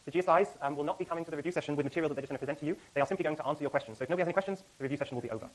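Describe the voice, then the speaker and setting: A middle-aged man, a university lecturer, giving class announcements in a lecture hall, talking rapidly with many fillers and self-corrections. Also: on the high side.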